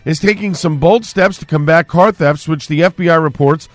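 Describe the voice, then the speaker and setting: A male radio newscaster, reading local news, sports and an ad in a brisk, even way. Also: on the high side, no room sound. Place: radio studio.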